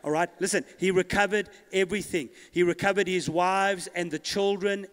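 A pastor preaching a sermon, calling the congregation to respond and building to loud declarations. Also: male voice, sits high, fairly even intonation, moderate pace, few pauses, clear, resonant tone. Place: church hall. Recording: long church hall reverb.

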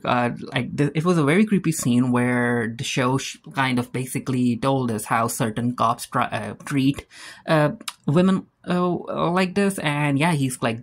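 Breezy rambling TV recap voice. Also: mid-range voice. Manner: rambling, breezy, many fillers and "blah blah" asides. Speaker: TV episode recap reviewer. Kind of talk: casual episode recap.

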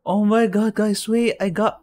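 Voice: mid-range voice, fairly even intonation, a little slow, a little mellow. A gaming YouTuber reacting to a game pull, stunned and blurting out short disbelieving exclamations again and again. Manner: stunned, keeps blurting "oh my god" and "what".

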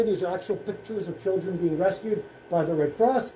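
A man, a rabbi, giving a solemn presentation at a school in short, measured phrases. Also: sits high, mellow, slight background noise. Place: school room. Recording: echoey room, faint ambience.

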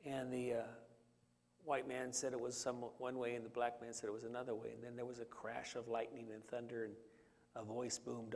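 Preacher in a reverberant church hall. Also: male voice, medium pitch, level tone, fairly quick, gravelly. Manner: conversational teaching with fillers and questions to the congregation. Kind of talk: Bible study sermon. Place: church sanctuary.

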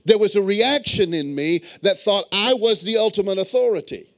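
Man, bishop preaching in church, high voice, lively storytelling sermon, calls the room to respond. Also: moderate pace. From moved to Texas as an adult. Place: church sanctuary.

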